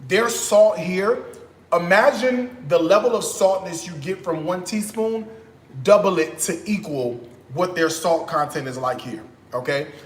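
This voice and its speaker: Exuberant high-voiced man in an echoey kitchen. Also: a little slow. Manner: exuberant, bursts into high whoops and moans of delight; chatty, addresses viewers directly. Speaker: cooking channel host. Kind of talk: casual cooking vlog talk. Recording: echoey room.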